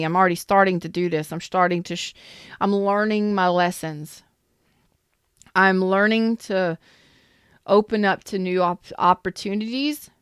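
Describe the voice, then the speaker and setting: A woman's voice: on the low side, clear, resonant tone, no echo, studio quality. A woman giving a live tarot reading in a chatty, emphatic way and greeting viewers in the chat. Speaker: tarot reader.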